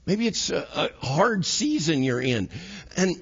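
A man preaching to his congregation, his voice swinging up and down as he plays out little scenes. His tone is husky and sits a touch high. The recording sounds a little dull. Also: unhurried. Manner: animated, acts out scenes in quoted voices. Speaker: pastor. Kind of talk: sermon. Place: church sanctuary.

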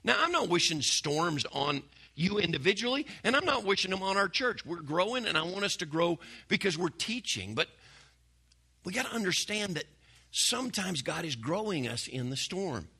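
A man preaching a sermon to a church congregation, folksy and conversational, often dropping to a hush. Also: high-pitched, very animated, moderate pace, vocal fry, slightly rough. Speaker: pastor.

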